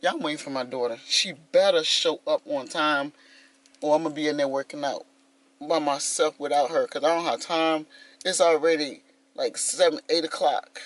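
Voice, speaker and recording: A woman's voice: low-pitched, moderate pace, dry recording. A woman in her fifties talking casually to her vlog viewers, telling a story with lots of animation and calling them y'all. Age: 50s. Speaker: vlogger.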